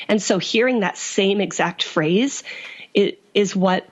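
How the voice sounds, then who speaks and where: A woman of middling pitch speaks as an interview guest, recounting her own past with sincerity. She laughs easily and her voice jumps up when she quotes others. The sound is a little dull and lo-fi. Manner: earnest, quick to laugh, quotes others in lively bursts. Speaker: guest, author and survivor. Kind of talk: personal story in an interview.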